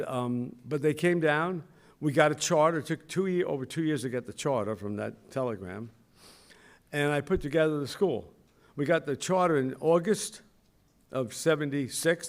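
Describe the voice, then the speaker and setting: Older male speaker, storytelling ceremony address, self-deprecating, mid-pitched voice. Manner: storytelling, self-mocking, acts out quoted voices. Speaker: school founder giving a speech. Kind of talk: anecdotal ceremony speech.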